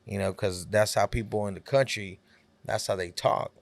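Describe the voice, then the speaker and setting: A man's voice: lowish voice, fairly even intonation, moderate pace, vocal fry, dry recording. A man with a Texas Southern accent, a rapper chatting as a podcast guest, laid-back and full of "you know" fillers. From California. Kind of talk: casual podcast chat.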